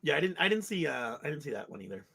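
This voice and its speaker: A man's voice: on the high side, big pitch swings, rapid-fire, gravelly, bright, forceful tone, breathy edge. A man co-hosting a casual livestream podcast, answering questions with hesitant restarts. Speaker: podcast co-host.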